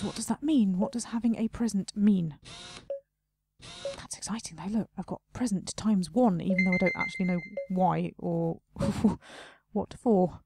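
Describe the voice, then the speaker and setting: A gaming video host, a woman, chats casually to herself during a let's play, muttering and teasingly scolding the game's customers. Her voice sits at a medium pitch and sounds gravelly and dark, with a little background noise.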